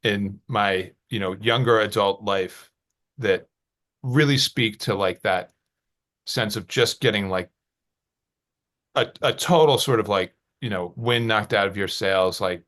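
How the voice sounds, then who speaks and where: A man's voice: fairly low pitch, measured pace, a bit bright. A middle-aged man co-hosting a casual podcast, telling a personal story in a rambling, hesitant, self-deprecating way. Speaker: podcast co-host.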